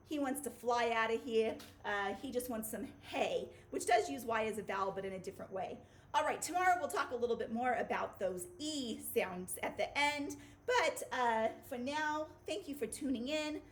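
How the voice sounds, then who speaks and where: A woman's voice: a little high, animated, moderate pace, slight background noise. A woman teacher giving a children's phonics video lesson in an upbeat, playful way.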